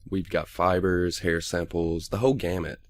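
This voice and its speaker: A man's voice: sits low, flat delivery, moderate pace, lightly acted. A male narrator voicing a blunt crime scene investigator reporting evidence in a horror audiobook. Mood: grim. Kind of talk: audiobook character voice.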